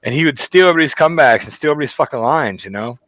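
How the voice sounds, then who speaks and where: A man's voice: on the high side, animated, racing, a bit bright, no echo, rough recording. A man hosting a casual chat, telling long, profane anecdotes full of asides. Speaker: show host.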